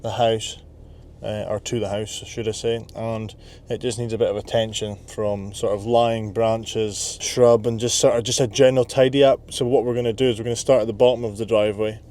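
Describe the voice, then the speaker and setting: A man's voice: fairly low pitch, little pitch movement, fairly quick, a little mellow. A man in his twenties, a landscape business owner, chatting casually as he talks through his workday outdoors. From Scotland. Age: 20s. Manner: chatty, self-talking, plans the workday aloud. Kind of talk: casual work vlog. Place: outdoors at work sites and yard.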